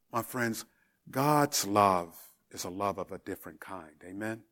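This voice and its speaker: Slow, reflective male preacher. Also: fairly low pitch, animated, fairly bright tone. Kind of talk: sermon.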